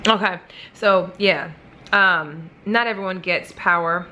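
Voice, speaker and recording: A woman's voice: fairly low pitch, slow pace, bright, forceful tone, a little hiss or hum. A young pregnant woman vlogging casually to camera, chatty and blunt, swearing freely and using lots of fillers. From American Midwest.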